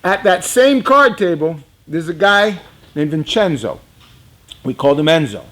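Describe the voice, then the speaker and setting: A man's voice: on the high side, sing-song, a little slow, fairly bright tone. A man telling a personal story in a rambling, conversational way, chuckling now and then. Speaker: reptile dealer telling a story. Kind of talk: casual storytelling.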